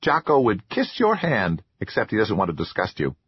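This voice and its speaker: A man voicing a small, excitable, childlike male troll who talks about himself in the third person in a high, eager voice. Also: normal speed, slightly rough, no room sound, dull audio, exaggerated voice.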